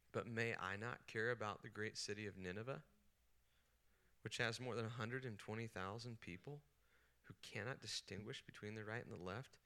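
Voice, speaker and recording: A male pastor delivers an animated sermon with a very bright, forceful tone and a smooth, crisp voice. He swings from hushed storytelling to heated bursts when he acts out the prophet's complaints. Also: mid-range voice. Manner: animated preaching, acting out the angry prophet's voice. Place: retreat session hall.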